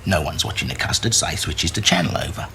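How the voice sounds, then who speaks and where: A man narrating a film voice-over in a low, laid-back manner. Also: wildly swooping pitch, fast talker, vocal fry, sharp tone, exaggerated voice.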